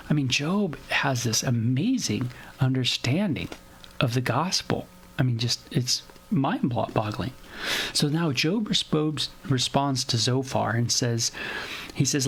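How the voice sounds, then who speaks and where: Casual, animated man talking through scripture. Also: mid-range voice, unhurried, husky. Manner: conversational, animated, paraphrases scripture in everyday slang. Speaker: devotional host. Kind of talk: casual Bible devotional commentary.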